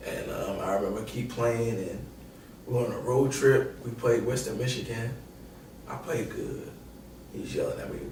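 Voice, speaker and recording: A man's voice: medium pitch, moderate pace. New guy telling a story in an echoey room. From New York. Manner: animated, slangy, profane, acts out quotes. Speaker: podcast guest, former college basketball player. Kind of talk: casual storytelling. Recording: echoey room, distant mic, faint noise.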